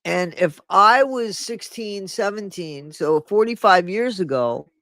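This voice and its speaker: A man in his sixties tells memories in a candid conversation, emphatic and casually profane. His voice sits a bit high. The sound is dry, with little room echo. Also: animated, slow pace, pushed and bright. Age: 60s. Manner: emphatic, interrupts, swears casually. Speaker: podcast co-host.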